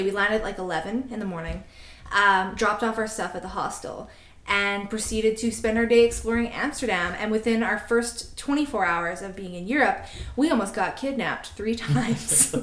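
A woman in her twenties from Canada, chatting casually on a podcast and telling a story in an animated way, acting out quotes. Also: mid-range voice, reverberant. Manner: animated, quick, laughing asides, acts out quotes. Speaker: podcast co-host.

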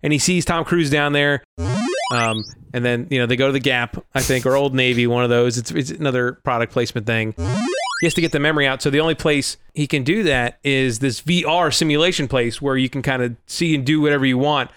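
A man casually retelling a film plot in a rambling, animated way, full of "like" and "you know.". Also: mid-range voice, fairly quick, a little hiss or hum.

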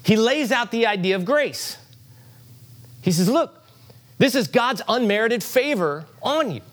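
Animated middle-aged man preaching a sermon. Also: high-pitched, measured pace. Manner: animated, conversational preaching with asides and rising emphasis. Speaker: pastor. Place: church sanctuary with congregation.

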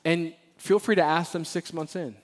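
A man preaching a sermon as pastor of a church, animated and emphatic, often repeating phrases and playfully acting out Bible characters. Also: fairly high pitch, normal speed. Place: church sanctuary.

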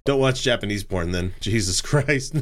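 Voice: medium pitch, moderate pace, slight background noise. A co-host in a casual livestream chat who jokes crudely and swears freely. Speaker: podcast co-host.

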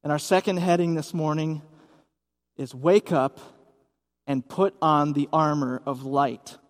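With a slightly high voice and a steady tone, a man preaches a little slowly as pastor during a church service in a gymnasium. He keeps it conversational and questions the congregation, while a long reverb tail hangs on his words.

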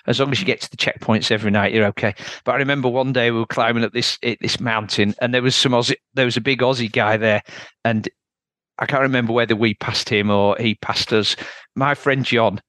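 A man's voice: mid-range voice, fairly even intonation, brisk, fairly bright tone, dry recording. A man hosting a podcast, telling a story in a chatty, anecdotal way. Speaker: podcast host. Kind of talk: casual conversation, storytelling.

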